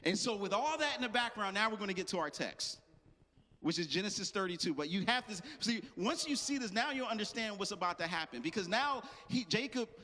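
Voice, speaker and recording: Joking pastor preaching in an echoing hall. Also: male voice, high voice, pushed and bright. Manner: casual, joking preaching with slang asides. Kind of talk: sermon. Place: church. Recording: long hall reverb.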